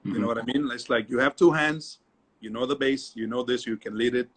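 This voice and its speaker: A middle-aged man, a dance teacher, talking as an interview guest, lively and repetitive, often adding "you know". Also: mid-range voice, fairly quick, slightly rough. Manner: animated storyteller, repeats himself, many "you know"s. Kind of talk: casual interview chat.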